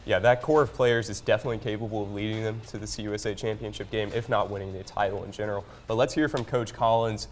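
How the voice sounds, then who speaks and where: A man's voice: lowish voice, fairly even intonation, fast talker, few pauses, slight background noise. A young man anchoring a sports news show, delivering scripted lead-ins and chatting steadily with casual fillers.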